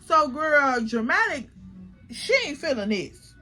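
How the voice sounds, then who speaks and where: Woman storyteller, high bright voice, animated and slangy. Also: slow, soft background music. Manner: animated, slangy, addresses viewers directly. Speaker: YouTuber telling a storytime. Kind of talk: casual storytime.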